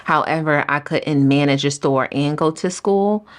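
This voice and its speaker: A woman, a salon owner, giving an earnest personal faith testimony in an interview, telling her story in an animated way. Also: low-pitched, a little slow.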